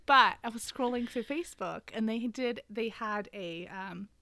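A woman's voice: fairly high pitch, normal speed, sharp tone, no room sound. A young woman co-hosting a casual podcast, making dry, offhand remarks and swearing casually. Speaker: podcast co-host.

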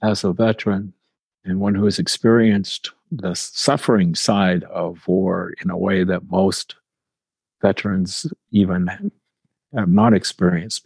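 A low-voiced older man in his seventies speaks with a husky grain, reflecting slowly and carefully on his experiences as an interview guest. The sound is dry and close, with no room around it. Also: darkish tone, no echo, poor audio. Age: 70s. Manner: measured, thoughtful, with small restarts.

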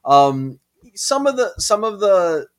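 A man's voice: high-pitched, big pitch swings, takes it slowly. A man co-hosting a podcast in casual chat, rambling and hesitant, full of fillers and restarts. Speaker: podcast co-host.

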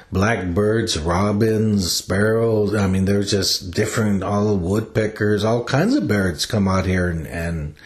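An older man, an elder, telling personal stories in a reflective, plain-spoken way with pauses and restarts. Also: fairly low pitch. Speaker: elder sharing teachings.

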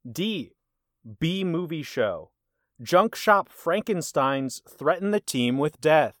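A man hosting a casual movie quiz. He reads the answer options deliberately and teases his guest. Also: fairly high pitch, big pitch swings, a bit bright, no echo, studio quality. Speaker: quiz host. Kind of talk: casual podcast chat.

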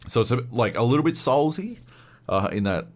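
A man's voice: medium pitch, very animated, fairly quick. A man co-hosting a podcast in casual chat, rambling and swearing, full of fillers and restarts. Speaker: podcast co-host. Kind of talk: casual chat about games.

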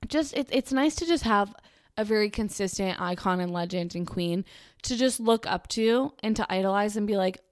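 A woman's voice: mid-range voice, normal speed, dry recording. A young woman chats through a casual monologue, gushing and full of restarts. Her voice sits in a middle range for a woman. The recording is dry and close, with no room sound. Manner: gushing, chatty, many fillers and restarts.

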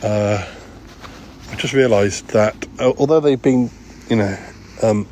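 A man's voice: on the low side, unhurried, a little mellow, slight background noise. A man hosting a comedy podcast outdoors, out of breath and flustered, stammering and repeating himself as he walks through the woods. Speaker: podcast host.

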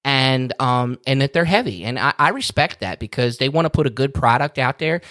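In a brisk, mid-range voice, this Maryland podcast co-host with a Baltimore accent jokes his way into getting worked up. The studio sound is clean, with no room sound.

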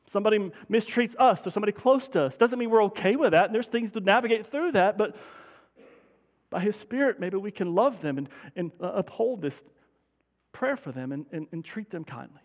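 A man's voice: sits high, animated, normal speed. A man preaching a sermon as pastor in a church sanctuary, fervent and urgent, often restarting his words. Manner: fervent, building to urgent emphasis; frequent restarts and stumbles. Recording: long hall reverb in a church.

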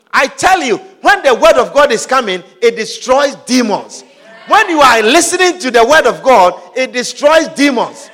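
A man preaching a sermon with emphatic repetition and sudden shouted lines. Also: very high-pitched, very animated, moderate pace, long reverb tail. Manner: emphatic, repeats phrases, bursts into shouts.

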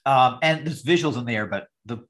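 A man's voice: mid-range voice, normal speed. A man hosting a podcast, chatting casually as he recaps a sitcom scene. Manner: animated, acts out lines in the retelling. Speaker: podcast host.

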